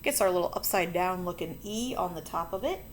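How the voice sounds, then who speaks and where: A woman's voice: fairly low pitch, fairly quick, slight background noise. A woman teaching a phonics lesson to children, explaining board work patiently and chattily, correcting herself as she goes.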